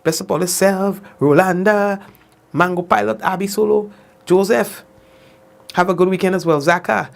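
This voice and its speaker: A man hosting a casual live news show, chatty and laughing often, his voice jumping high when he tells a joke. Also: normal speed, gravelly. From Saint Vincent and the Grenadines. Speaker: news host.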